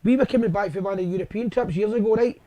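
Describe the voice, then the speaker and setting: A man's voice: high-pitched, racing, mellow. A man hosting a casual chat, telling anecdotes and often adding "aye" and "right?". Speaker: host.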